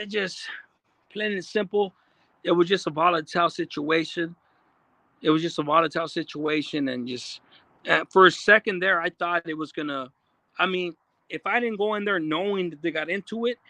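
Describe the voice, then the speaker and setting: A man with a high, bright voice gives casual commentary, swearing freely and repeating his points. The sound is dry and close, with no room echo. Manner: profane, animated, repeats himself. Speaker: commentator reacting to an interview.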